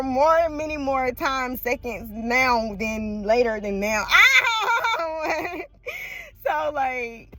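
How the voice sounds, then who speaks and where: High-voiced woman, raw and profane. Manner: emotional, swings between laughing and crying; blunt and profane, heavy slang. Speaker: vlogger. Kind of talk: casual personal vlog talk.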